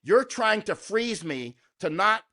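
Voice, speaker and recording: A man's voice: sits high, sing-song, takes it slowly, pushed and bright. A middle-aged American man, a war correspondent, talking combatively and emphatically in an interview and often tagging his points with "right?". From United States. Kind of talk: conversational interview.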